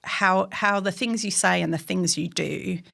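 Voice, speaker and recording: A woman's voice: on the low side, unhurried, creaky, fairly bright tone. A woman from England, co-hosting a podcast in casual, chatty talk full of fillers and frequent laughs. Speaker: podcast co-host. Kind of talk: casual chat.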